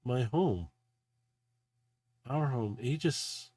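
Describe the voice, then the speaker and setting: A man's voice: mid-range voice, expressive, extremely slow, warm tone. Man doing a shaken female robot, fierce and urgent. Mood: stunned. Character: emotional female robot from a lost homeworld.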